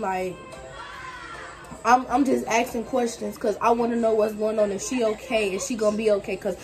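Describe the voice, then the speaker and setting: A woman's voice: on the high side, fairly even intonation, normal speed, darkish tone, faint music behind. A young woman co-hosting a casual vlog, telling a story earnestly. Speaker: co-host. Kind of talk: casual chat.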